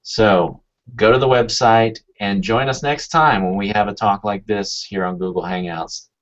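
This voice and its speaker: A man's voice: on the low side, moderate pace. A man hosting a casual online chat, easygoing and hesitant with many fillers. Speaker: show host. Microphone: video call. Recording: dull lo-fi video call audio.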